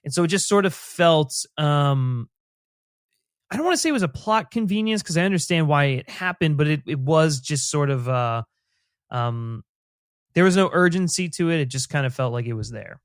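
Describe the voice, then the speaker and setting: A man with a fairly high voice talks through a TV episode in relaxed podcast chat. He rambles and hedges, leaning on "like" and "sort of". The mic is close and dry, with no room sound. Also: moderate pace, clear, resonant tone, no room sound. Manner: rambling, many "like" fillers, thoughtful hedging. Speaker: podcast co-host. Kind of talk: casual TV recap chat.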